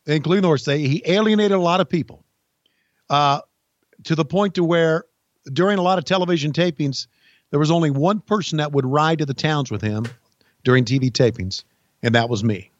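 Guy telling old stories on a podcast, kinda high voice, dull dry mic. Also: no room sound. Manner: folksy storyteller, halting restarts. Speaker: podcast co-host, former wrestling insider. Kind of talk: casual chat, storytelling.

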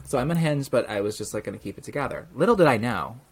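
Young male podcast co-host, husky, animated storyteller, medium pitch. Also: quick pace. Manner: animated storyteller, acts out quoted voices. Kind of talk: casual chat.

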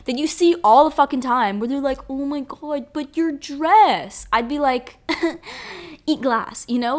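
A young woman hosting a solo podcast, ranting in a profane, animated, rambling way. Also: on the high side. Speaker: podcast host.

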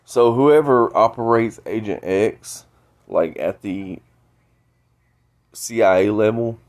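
Stuffy low-voiced man, slow halting monologue. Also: a little mellow. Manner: halting, repeats words, rambling. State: stuffy from a cold. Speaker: podcaster. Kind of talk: solo monologue.

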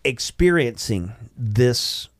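A man hosting a podcast, telling a story casually and lively, acting out the lines he quotes. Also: mid-range voice, takes it slowly, dry recording, clean studio sound. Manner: animated, acts out quoted lines. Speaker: podcast host.

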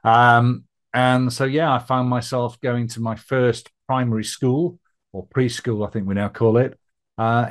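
Chatty middle-aged man with a northern twang. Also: mid-range voice. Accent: Middle English with a northern twang. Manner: chatty, rambling, often laughing, with many fillers. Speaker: podcast guest. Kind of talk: personal storytelling interview.

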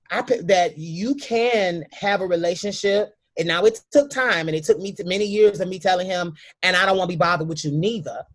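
Emphatic woman telling a personal story. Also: fairly low pitch. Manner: emphatic, speaks straight to listeners; emotional, sometimes halting. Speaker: guest.

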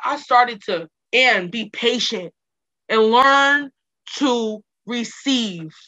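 A woman's voice: sits high, pushed and bright. A woman guest giving earnest, emphatic life advice in a casual interview, repeating phrases for stress. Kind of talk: casual motivational talk.

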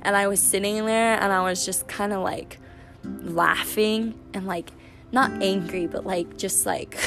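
A woman's voice: medium pitch, steady tone, measured pace. A young adult woman hosting a faith-based podcast, chatting in a rambling way full of "like" and "um" as she tells personal stories. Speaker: podcast host. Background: music.

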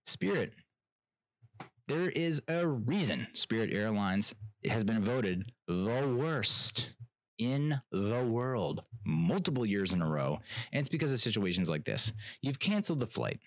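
A man's voice: on the low side, very animated, a little slow, no room sound, studio quality. A young man telling a travel story as a casual rant, exasperated and sarcastic, laughing often and swearing.

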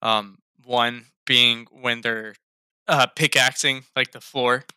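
A man's voice: mid-range voice, steady tone, slow pace, sharp tone, clear, resonant tone, no echo, studio quality. A man in casual chat about a film, laughing a lot, swearing freely and acting out lines he liked. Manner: laughing, profane, quotes lines in raised voices. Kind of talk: casual movie review chat.

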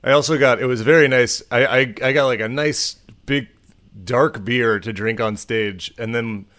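A man's voice: medium pitch, fairly even intonation, normal speed, fairly bright tone. A young man co-hosting a podcast in casual chat, joking and swearing, laughing often. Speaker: podcast co-host.

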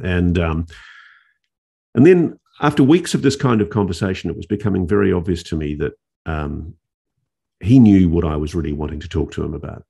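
Gravelly, deep-voiced male journalist. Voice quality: gravelly, husky. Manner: animated, with restarts and dramatic pauses. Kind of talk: storytelling in an interview.

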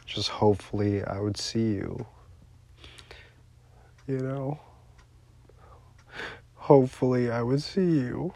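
A man's voice: mid-range voice, takes it slowly, gravelly, long pauses, warm tone, dry recording. A man crying as he records a rambling, profane, heartbroken personal voice message.

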